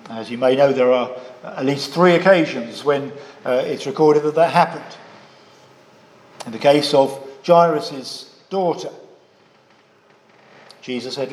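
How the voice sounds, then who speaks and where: A man preaching a sermon in a measured way, putting rhetorical questions to his listeners. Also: mid-range voice. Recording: echoey hall with long reverb.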